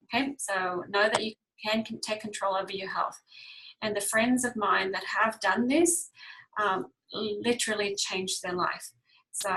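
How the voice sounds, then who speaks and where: Bright-voiced woman teaching a health class. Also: mid-range voice, measured pace, slight background noise, low-quality recording. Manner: explanatory, often checks in with listeners. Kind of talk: casual online class.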